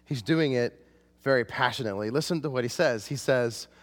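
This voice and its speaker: A man's voice: medium pitch, brisk. Preaching man in a reverberant hall. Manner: impassioned, rising to pleading cries when quoting scripture. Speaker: pastor. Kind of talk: sermon.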